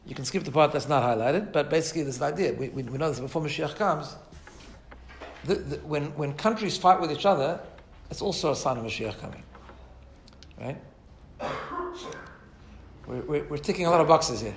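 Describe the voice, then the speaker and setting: Male Torah teacher, slightly high pitch, explains text step by step and checks in often; recorded in an echoey room. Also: fairly quick, pauses often, slight background noise. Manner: explains Hebrew text line by line, checks in with "right?". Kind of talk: text-based Torah class.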